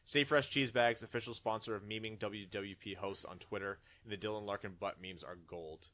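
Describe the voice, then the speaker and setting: A man's voice: on the low side, fairly even intonation, fairly quick, a bit bright. A man hosting a casual podcast, reading listener comments aloud in a chatty way. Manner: chatty, reads comments with put-on dramatic voices. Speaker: podcast host.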